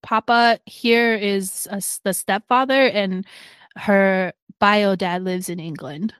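Taking things slowly, a podcast co-host recaps a drama in a casual chat, her mid-range voice fairly bright and clean in a dry recording. She chats freely, laughs a lot and performs the characters' dialogue.

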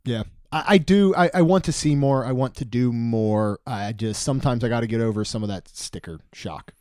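A man chatting casually as a podcast co-host, relaxed and wry, with dry jokes. His pitch is middle of the road. The recording is close and dry, with no room echo. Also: normal speed. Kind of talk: casual chat.

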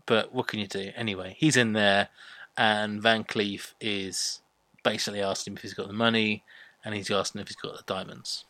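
A man's voice: lowish voice, level tone, moderate pace, pushed and bright, no room sound. A man co-hosting a podcast, chatting bluntly and opinionatedly about a sitcom. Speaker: podcast co-host reviewing a sitcom. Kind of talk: casual chat.

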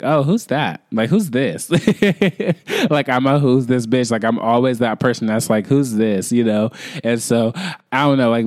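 A young man hosting a podcast, telling a rambling casual story full of fillers, in quick bursts. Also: mid-range voice, a little mellow, clear, resonant tone, dry recording, studio quality. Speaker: podcast host.

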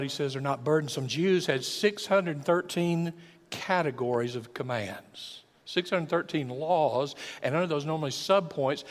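An older man, preaching a folksy sermon that swells from quiet to loud and acts out voices. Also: on the high side. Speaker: pastor. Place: church sanctuary. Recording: long church hall reverb.

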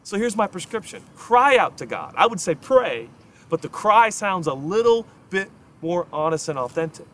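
A man's voice: high voice, big pitch swings, moderate pace, a little hiss or hum. Conversational, emphatic male pastor preaching. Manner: conversational, emphatic, swings between hushed and loud. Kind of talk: sermon.

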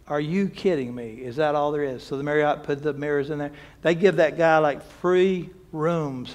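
A man preaching a sermon, telling stories in a folksy, conversational way and often repeating words. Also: on the high side. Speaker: pastor. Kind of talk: sermon with storytelling.

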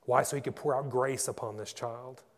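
A man, a pastor, preaching a passionate sermon and telling stories that build to loud peaks. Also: mid-range voice, steady tone, moderate pace. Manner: passionate storytelling, rising to shouts in climaxes. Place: church. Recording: echoey church hall.

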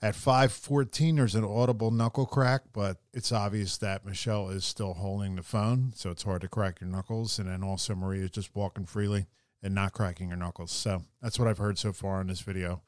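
A man hosting a podcast, talking in a relaxed way with many fillers. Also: fairly low pitch, brisk, no echo, clean studio sound. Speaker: podcast host. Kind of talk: casual podcast chat.

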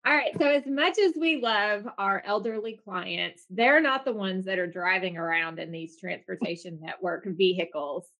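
A woman's voice: mid-range voice, normal speed, hardly any pauses, a bit bright. A woman from Arkansas with a light Southern accent, hosting a casual conversation and steering the topic.

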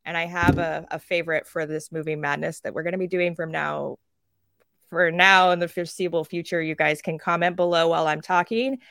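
A woman co-hosting a casual podcast. She rants in a lively way, swears freely and acts out quoted characters. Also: on the low side, brisk, gravelly, dry recording, clean studio sound. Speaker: podcast co-host.

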